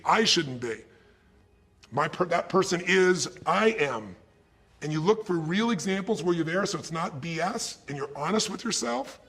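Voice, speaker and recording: Gravelly motivational speaker, man. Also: a little high, fairly bright tone. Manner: retells dialogue in quoted voices, rhetorical questions. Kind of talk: motivational speech with anecdotes.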